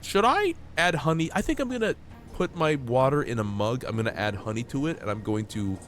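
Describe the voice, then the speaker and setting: A sick streamer man with a cold talks through a game in a playful, jokey way. His voice swings wide between high and low as he gets excited, and he coughs now and then. Soft music plays quietly behind him. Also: brisk. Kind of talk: casual live-stream gameplay chat.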